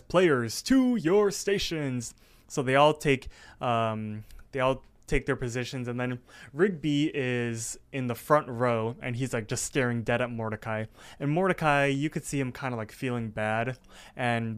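A podcast co-host with a clear, resonant mid-range voice casually recaps a cartoon episode. He rambles, full of fillers and restarts.

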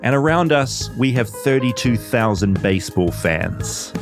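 A man's voice: medium pitch, expressive, unhurried, over music. A man with a New Zealand accent, a podcast host narrating and chatting in a self-deprecating way.

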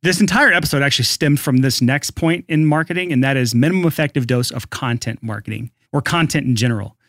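A man's voice: medium pitch, fast talker, fairly bright tone, no room sound, studio quality. A man co-hosting a podcast in casual chat, blunt and teasing. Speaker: podcast co-host.

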